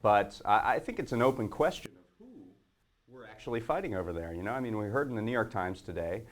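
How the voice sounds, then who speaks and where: Male guest co-host, low voice, thoughtful, halting delivery with lots of uh's and you-knows. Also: expressive. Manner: hesitant, many fillers, measured. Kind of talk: casual political discussion.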